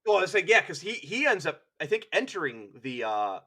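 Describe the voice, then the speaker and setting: A man's voice: a little high, sing-song, a little fast, bright, forceful tone. A man co-hosting a podcast, talking in a rambling, wry way with many restarts. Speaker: podcast co-host. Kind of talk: casual chat.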